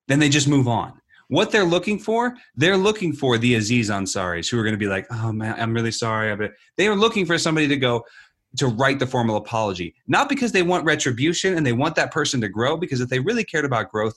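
Podcast co-host, male, husky voice, emphatic and animated delivery that slips into little impressions; casual opinion talk. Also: medium pitch. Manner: emphatic, acts out quoted people, frequent restarts.

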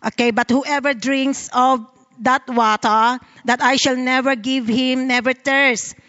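A woman's voice: high voice, steady tone, a little slow, fairly bright tone, dull audio. Filipino woman reading scripture in a reverberant hall. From Philippines. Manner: earnest, reads scripture then explains it. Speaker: Bible study speaker. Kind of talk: sermon with Bible reading.

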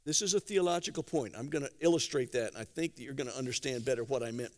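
A man preaching a sermon, telling stories conversationally with gentle humor and acting out quotes. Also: mid-range voice, fast talker. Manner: animated storytelling with acted-out quotes. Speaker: pastor.

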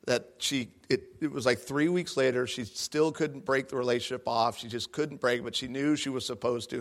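A young man giving a guest talk to an audience, telling a personal story with jokes and acting out his own lines. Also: medium pitch. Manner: animated, jokey, acts out his own lines. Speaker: guest speaker.

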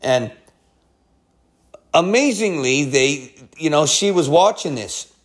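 A man with a fairly high voice preaches a sermon and tells a personal story. He swings between loud bursts and hushed asides, often repeating and restarting his words as he goes. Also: expressive, takes it slowly.

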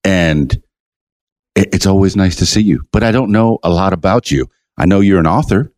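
A man's voice: low voice, normal speed, darkish tone. A man hosting a casual podcast interview, chatty and jokey, often repeating words as he goes. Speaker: podcast host.

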